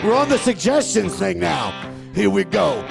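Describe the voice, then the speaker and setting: A middle-aged man doing improvised musical stand-up on a comedy club stage, riffing crudely and loudly, half singing his lines. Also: sits high, big pitch swings, normal speed, creaky. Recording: guitar playing under the voice.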